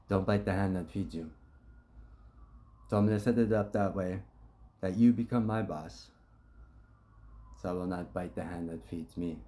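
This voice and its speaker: In a low-pitched, dark-toned voice, a man tells his supporters a story in a blunt, profane, impassioned monologue. He acts out the dialogue and quotes as he goes.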